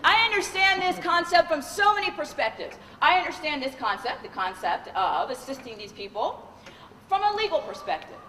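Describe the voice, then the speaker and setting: Lively high-voiced woman trainer in an echoey hall. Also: moderate pace. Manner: animated, humorous, quizzes the audience. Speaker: corporate trainer and attorney. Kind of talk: live seminar talk. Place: event hall with a live audience. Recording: echoey hall, faint noise.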